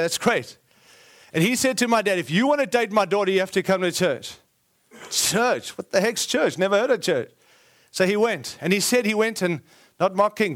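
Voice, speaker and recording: A man preaching a sermon, telling a family story with acted quotes, frequent asides and self-corrections. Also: sits high.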